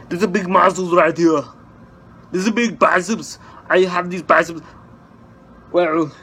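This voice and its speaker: A man impersonating a boastful aging Austrian bodybuilder action star, loud and bragging in clipped commands. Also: on the high side, husky, voice pushed up.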